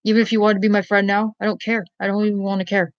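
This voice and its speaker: A woman vlogger rambles to her camera in a blunt, profane rant, often checking in with "you know what I mean?" Her voice sits at a middling pitch. The recording is dry, with a slightly muffled, lo-fi sound. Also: flat delivery, very fast, dry recording.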